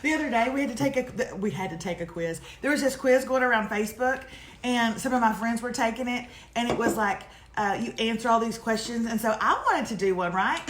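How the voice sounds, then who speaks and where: A woman's voice: on the high side, fairly quick. Chatty woman hosting, roomy sound. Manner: joking, chatty, teasing storyteller. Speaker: co-host of a morning livestream. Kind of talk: casual chat. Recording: roomy echo with faint noise.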